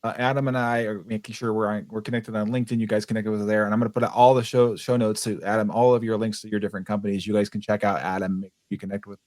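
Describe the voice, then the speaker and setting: A man's voice: lowish voice, little pitch movement, rapid-fire, hardly any pauses, darkish tone, no room sound. A man hosting a business podcast, talking in a casual, affirming way, often restarting his sentences. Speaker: podcast host. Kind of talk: casual interview chat.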